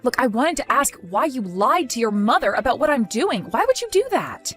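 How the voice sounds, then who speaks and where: A woman's voice: fairly high pitch, sing-song, normal speed, a bit bright, slightly rough, faint music behind, full character voice. A woman voicing a defensive, exasperated young wife in a text-story drama, pleading and indignant.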